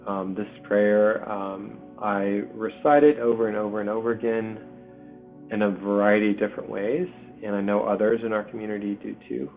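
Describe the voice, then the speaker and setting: Gravelly soft-spoken man on a tinny call. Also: on the low side, steady tone. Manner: soft-spoken, hesitant, full of pauses and ums. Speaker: community call host. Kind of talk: heartfelt spiritual community talk. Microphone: video call. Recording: tinny call audio with faint music.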